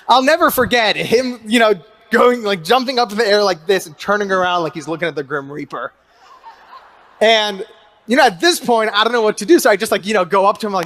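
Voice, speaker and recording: A young man with a high voice tells a story to an audience. He acts out his own shouts and keeps the telling animated, with quick swings in his delivery. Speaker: author and speaker.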